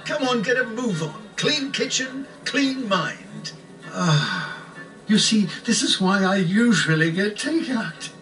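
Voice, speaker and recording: Casting: a high-pitched, lively old mentor figure, folksy rambling, heard from afar over game music. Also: male voice, recorded from a distance, exaggerated voice, rough recording. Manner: folksy, wandering, slow-spoken. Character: rambling kindly old male psychic mentor.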